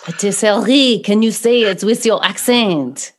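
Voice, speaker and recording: A woman co-hosting a relaxed podcast. Her voice swoops up and down with lots of life as she tosses in playful, quick reactions. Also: medium pitch. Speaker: podcast co-host. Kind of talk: casual chat.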